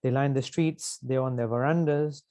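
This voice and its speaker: A man teaching scripture in a sermon, telling a story in an animated way and repeating phrases for emphasis. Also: medium pitch, moderate pace, no room sound.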